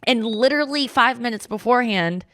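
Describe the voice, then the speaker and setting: A woman's voice: on the high side, a little fast, no room sound. Chatty woman host, dry close sound. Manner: animated storytelling with mimicked voices; frequent filler words. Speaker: podcast host. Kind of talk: casual chat.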